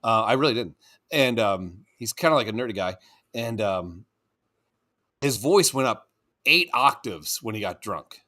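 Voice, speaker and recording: A man riffs through a crude, casual podcast conversation, rambling from one tangent to the next. His pitch moves a lot, and he laughs often and slides into goofy put-on voices. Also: lively intonation, a little slow, bright, forceful tone. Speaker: podcast co-host.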